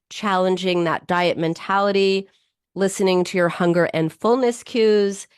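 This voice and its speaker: A woman hosting an advice radio show, answering listener questions in an animated, chatty way with fillers and restarts. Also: mid-range voice, clean tone, no echo, studio quality. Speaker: radio show host and psychologist.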